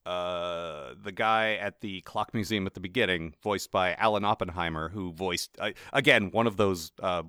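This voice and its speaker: A man co-hosting a podcast in casual chat, laughing often and slipping into quick character voices. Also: low voice, clear, resonant tone, no echo, studio quality. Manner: chatty, laughs often, lively voice impressions. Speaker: podcast co-host.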